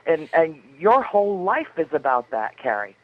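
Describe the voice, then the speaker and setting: A woman's voice: sits low, very animated, normal speed, phone-quality sound. A woman guest on a radio talk show, chatting in an effusive, dramatic storytelling way. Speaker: guest author.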